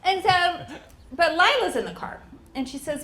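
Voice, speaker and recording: Animated woman comedian telling stories. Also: very high voice, normal speed. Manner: animated storytelling with quoted voices. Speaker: stand-up comedian. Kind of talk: stand-up comedy set. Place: outdoor backyard show. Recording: roomy, noisy live recording. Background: audience laughter.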